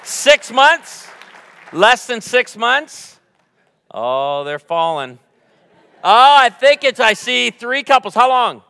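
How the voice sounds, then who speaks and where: A man's voice: very high voice, sing-song, takes it slowly, creaky, sharp tone, clean tone, in a large hall. A man in his forties giving a humorous sermon in a church, bantering playfully with the congregation. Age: 40s. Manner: joking, playful crowd banter. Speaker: guest preacher. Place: church sanctuary before a congregation.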